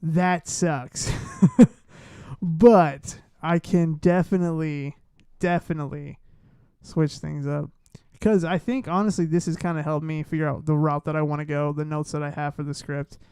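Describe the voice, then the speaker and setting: Flustered male streamer, smooth dry voice. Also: fairly high pitch, fairly even intonation, unhurried, no echo. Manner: flustered, talks to himself while fiddling with streaming software. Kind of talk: casual live-stream chat.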